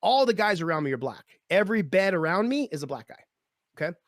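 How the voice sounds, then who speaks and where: A man, the guest of an interview, telling a personal story in a lively way and acting out the people in it. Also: high-pitched, fast talker, dry recording, studio quality. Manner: lively, acts out voices in his stories. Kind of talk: animated storytelling.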